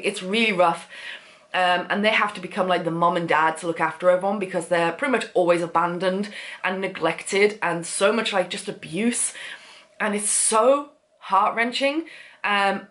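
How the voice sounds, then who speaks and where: A woman's voice: medium pitch, a bit bright. A woman talking through her favourite books in a chatty, effusive way, swearing now and then. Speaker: book vlogger. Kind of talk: casual book review chat.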